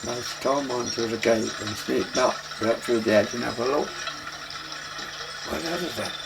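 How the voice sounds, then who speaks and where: Gravelly older man. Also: mid-range voice, steady tone, a little fast. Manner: plain dialect speech, loosely strung recollections. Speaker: interviewee recalling travelling life. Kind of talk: rambling reminiscence. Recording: noisy documentary recording.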